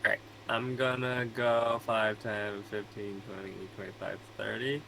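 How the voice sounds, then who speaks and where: A man's voice: fairly low pitch, flat delivery, a little slow, gravelly, fairly bright tone, slight background noise, rough recording. A man playing a tabletop game over voice chat, methodically counting out his moves. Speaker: player.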